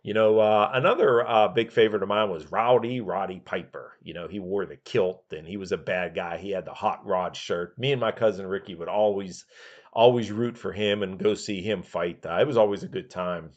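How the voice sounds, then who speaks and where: Rambling, low-voiced man reminiscing. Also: moderate pace, dull audio. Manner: rambling, many "uh" and "you know" fillers. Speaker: podcast host. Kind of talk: casual reminiscing monologue.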